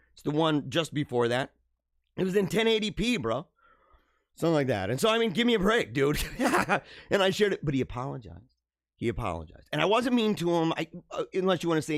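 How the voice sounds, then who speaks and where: A man hosting a live online show, talking in a high-ish, bouncy voice that swings up and down. He chats loosely and laughs a lot, calling people dude and man. The sound is close and dry, with no room behind it. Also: creaky, dry recording. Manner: animated, laughing, slangy ("dude", "bro", "man"). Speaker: livestream show host. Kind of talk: casual live-show chat reading viewer comments.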